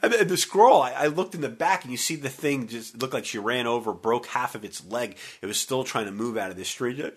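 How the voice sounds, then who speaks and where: A man hosting a sports talk radio show, talking in an energetic, joking, conversational way into a studio microphone. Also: mid-range voice, a little fast, breathy edge.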